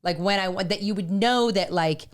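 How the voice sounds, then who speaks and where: A woman's voice: medium pitch, moderate pace. A woman in her fifties co-hosting a podcast, telling personal stories candidly and acting out what was said. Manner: candid, animated storytelling with quoted speech. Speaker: podcast co-host. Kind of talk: casual conversation.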